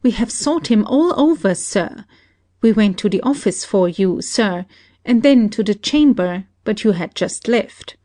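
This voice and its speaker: A woman's voice: mid-range voice, measured pace, close to an everyday voice. A woman doing nosy servants, worked up, blaming and gossiping. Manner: excited, tattling. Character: gossiping household servants, alarmed and scornful.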